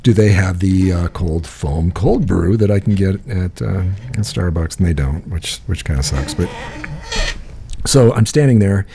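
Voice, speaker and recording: A man's voice: low-pitched, animated, unhurried, gravelly, mellow, a little hiss or hum. A man co-hosting a podcast, telling a rambling story in casual chat, with many restarts and frequent laughter. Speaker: podcast co-host.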